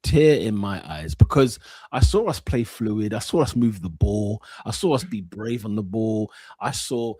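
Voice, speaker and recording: Husky man talking football. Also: fairly low pitch, measured pace, no echo. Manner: animated London slang banter. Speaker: podcast co-host. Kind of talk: casual football chat.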